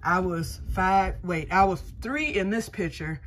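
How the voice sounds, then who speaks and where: A woman's voice: lowish voice, unhurried. A middle-aged woman chatting casually in a personal vlog, rambling and correcting herself as she goes, with folksy turns of phrase. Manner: rambling, self-correcting storyteller; folksy, says y'all. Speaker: vlogger.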